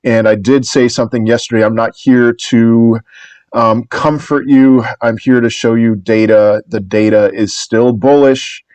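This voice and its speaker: A man talking through market charts in a casual video, upbeat and reassuring. He rambles, restarts words and corrects himself as he goes. His voice sits at an ordinary pitch and sounds dry and close. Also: fairly even intonation, a little slow, darkish tone, no room sound. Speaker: crypto market commentator.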